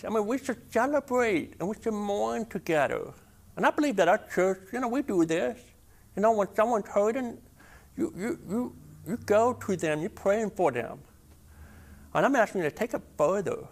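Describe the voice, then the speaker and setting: A man's voice: high voice, animated, moderate pace. A man preaching a sermon as pastor, impassioned, repeating words and rising to emphatic peaks.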